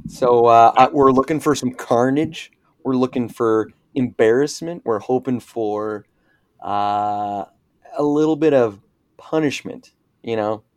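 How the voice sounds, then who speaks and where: Man, podcast co-host, playful and quick to laugh; dry close sound. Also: mid-range voice, dry recording. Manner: joking, laughs easily. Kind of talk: casual chat.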